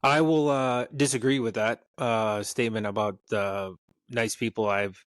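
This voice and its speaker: A lower-voiced man chats on a podcast, animated and quick to curse. The sound is dry and close, with no room around it. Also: dry recording. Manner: animated, swears a lot. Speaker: podcast co-host. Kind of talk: casual chat.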